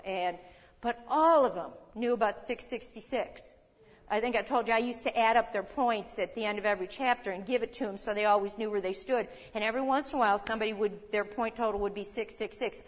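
An older woman in her seventies giving conversational Bible teaching as a teacher, folksy, with chuckling asides and rhetorical questions. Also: mid-range voice. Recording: reverberant hall.

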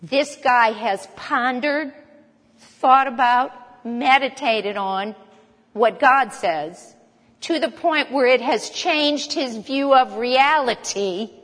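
A woman's voice: fairly high pitch, a bit bright, in a large hall. A woman preaching a sermon, emphatic, asking rhetorical questions and repeating phrases for stress. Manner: emphatic, rhetorical questions, rapid mock chanting.

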